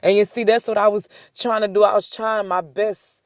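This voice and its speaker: A woman speaking a heartfelt faith testimony in a relaxed, chatty manner, circling back with "I said" again and again. Her voice sits at an ordinary middle pitch. The recording is dry and close, with no room echo. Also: normal speed. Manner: repetitive, conversational storytelling with many "I said" asides; chuckles between points. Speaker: faith vlogger. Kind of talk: casual spoken testimony.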